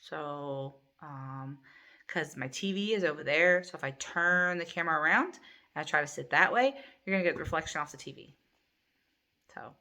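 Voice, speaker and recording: Low-voiced, bright and forceful, she chats to camera as host of a crochet channel. She's a middle-aged woman sitting in her living room at home, wandering through her thoughts with many ums.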